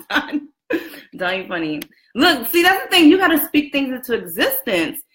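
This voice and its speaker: A woman in her twenties hosting a casual live video chat from a room at home, chatty and lively, greeting viewers by name and laughing often. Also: sits high, normal speed. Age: 20s. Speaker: livestream host. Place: room at home with a roommate next door. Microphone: camera and phone set up for a live stream.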